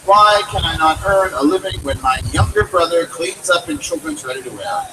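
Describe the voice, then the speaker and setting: A man voicing a struggling male shirt merchant pleading in salesman's patter, recorded on a distant mic with loud noise behind. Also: high-pitched, normal speed, close to an everyday voice.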